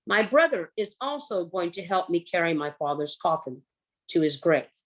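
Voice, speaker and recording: A woman presenting a humor workshop, telling personal stories with animated acting-out of scenes. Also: on the low side, moderate pace. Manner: animated storyteller who acts out scenes.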